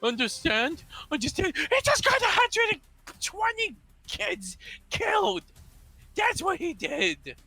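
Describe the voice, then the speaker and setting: A man voicing a panicky, nervous adventurer with a shrill, strained voice. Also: wildly swooping pitch, slow, bright, forceful tone, dry recording, soft background music, heavily acted. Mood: indignant. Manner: panicked shrieking.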